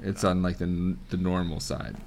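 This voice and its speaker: A man's voice: sits low, fairly even intonation, normal speed, creaky, a little mellow, slight background noise. A man acting as game master, narrating a tabletop game casually with many restarts. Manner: laid-back, laughing, full of restarts.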